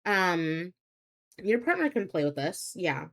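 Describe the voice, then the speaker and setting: A woman's voice: lowish voice, very animated, slow pace, creaky. A young adult woman live streaming, chatting casually with viewers. She rambles, hesitating and restarting often with many fillers. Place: home streaming setup.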